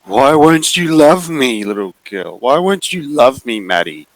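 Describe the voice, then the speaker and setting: A giant, possessive teddy bear monster, as a man puts it on in a tabletop game, its voice pushed far up into a strained, pleading whine that breaks into shouts. It begs and clings, sounding desperate and unhinged. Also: medium pitch, very animated, measured pace, no room sound, pitched above the performer's own voice. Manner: pleading, clingy, rising to screams.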